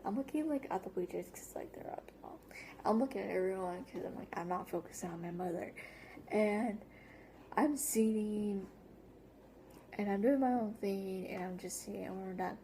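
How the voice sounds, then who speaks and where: A teenage girl vlogs a casual story. Her voice is mellow and warm. She rambles with many fillers and often sinks into a whisper. A faint hiss sits underneath. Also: mid-range voice. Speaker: vlogger. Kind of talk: casual story-time vlog.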